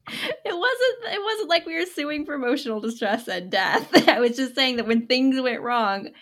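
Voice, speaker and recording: A woman's voice: high voice, animated, unhurried, long pauses, a bit bright, a little hiss or hum. A woman guest on a podcast, chatting casually and laughing through her sentences.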